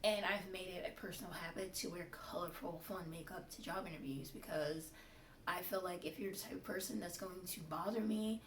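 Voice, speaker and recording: A woman's voice: fairly low pitch, a little fast. A young woman vlogging in a candid, frustrated, chatty way about a bad job. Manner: candid, frustrated, lots of fillers. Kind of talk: casual venting monologue. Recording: roomy, distant, faint hiss.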